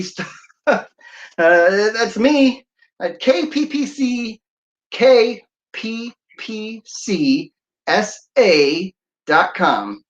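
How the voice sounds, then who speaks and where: A man's voice: high-pitched, fairly bright tone. A man chatting as a DJ on a livestream, playful and full of corny jokes. His voice comes through slightly dull, lo-fi audio from a home stream. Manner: jokey, playful, breaks into sung snippets and laughs. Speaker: radio DJ and livestream host. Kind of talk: casual livestream chat.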